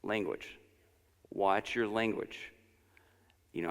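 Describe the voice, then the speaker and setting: At a church service, a man with a low, gravelly voice gives a relaxed lesson in the style of a conversational sermon. He speaks informally at a measured pace with long pauses, wandering into personal anecdotes and encouraging asides. A long sanctuary reverb lingers behind him.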